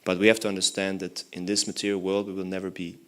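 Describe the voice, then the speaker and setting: A man's voice: deep voice, level tone, fast, a bit bright. A young man, a monk, giving a morning lecture in a temple, telling a story in a loose, conversational way with many "you know"s. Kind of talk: storytelling sermon.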